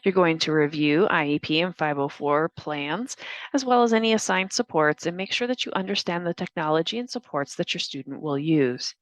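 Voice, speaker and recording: A woman narrating a staff training on reading test items aloud, in a clear, deliberate instructional manner. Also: deep voice, animated, no room sound.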